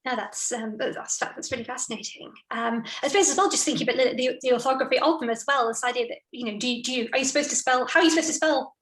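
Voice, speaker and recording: A woman from Yorkshire hosting a panel, speaking quickly and enthusiastically. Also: high voice, a bit bright. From Yorkshire, England. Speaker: panel host. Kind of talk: casual panel discussion. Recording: roomy, distant mic.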